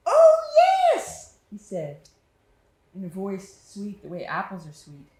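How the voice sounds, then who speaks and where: A woman's voice: lowish voice, a little slow, slight background noise. A woman performing a solo storytelling monologue on stage, tender and reflective, lingering on her words. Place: small studio theater stage. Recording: echoey theater room.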